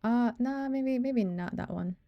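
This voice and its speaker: A woman's voice: a little high, measured pace, no echo, lo-fi sound. A young woman streamer chatting casually on a desk mic and playfully humming nonsense syllables and meowing between her chatter. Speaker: game streamer.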